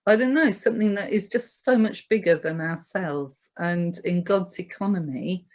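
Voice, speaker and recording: A woman's voice: fairly low pitch, moderate pace. A woman vicar recommending a film in a reflective, hesitant way, full of ums and restarts, and reading scripture aloud.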